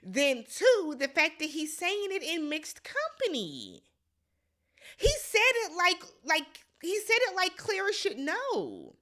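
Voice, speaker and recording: A woman's voice: very high voice, huge pitch swings, slow pace, sharp tone. A woman giving a blunt, exasperated casual recap commentary, talking straight to the viewer. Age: adult. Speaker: recap vlogger.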